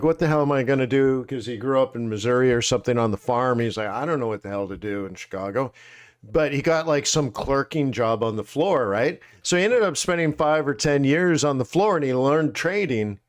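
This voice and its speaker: A man hosting a live trading webinar, chatting casually in slangy, animated storytelling that acts out quotes. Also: a little high, clean tone. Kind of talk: casual chat.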